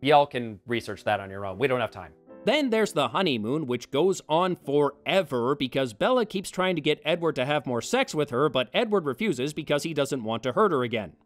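Sarcastic guy doing a film review show, high-ish voice, really animated. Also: normal speed, faint music behind. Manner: sarcastic, wry asides. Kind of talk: scripted comedic film commentary.

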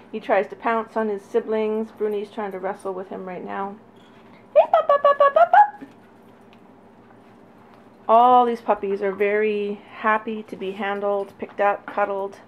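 A woman breeder talking casually and fondly while she films her puppies, now and then calling to them in a high sing-song. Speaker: dog breeder. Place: indoors near a puppy crate. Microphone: handheld camera. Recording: dull lo-fi audio with faint noise.

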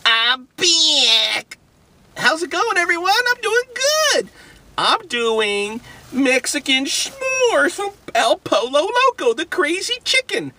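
Male food vlogger, excitable and rambling, very animated pitch, bright tone. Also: takes it slowly, distant mic. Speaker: food reviewer. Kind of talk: casual food review vlog.

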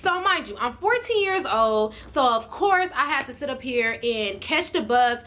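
A woman vlogger telling a storytime in an animated, slangy way, talking straight to her viewers. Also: high-pitched, moderate pace. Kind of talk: storytime vlog.

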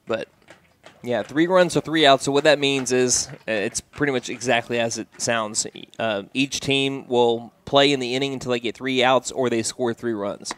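A man calling a high school baseball game on local radio, steady and conversational, with his voice jumping up on strikeouts and big plays. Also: moderate pace, clean tone. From United States. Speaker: play-by-play radio announcer. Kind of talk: baseball play-by-play commentary.

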